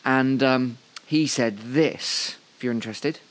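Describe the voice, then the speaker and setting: A man's voice: medium pitch, slow pace. A man co-hosting a football podcast in casual chat, making dry, wry remarks. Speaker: podcast co-host.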